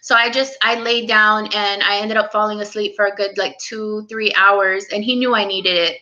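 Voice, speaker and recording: A young woman hosting a casual live stream, speaking softly and close to tears as she greets viewers by name. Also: mid-range voice, fairly even intonation, normal speed, lo-fi sound. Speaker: livestream host.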